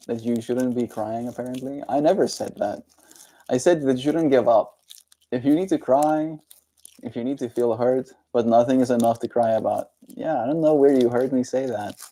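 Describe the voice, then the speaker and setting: A man chatting on a daily livestream, answering viewers gently and encouragingly. His voice is mellow and dark, with a gravelly fry running through it. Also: mid-range voice. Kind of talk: casual livestream chat reading viewer comments.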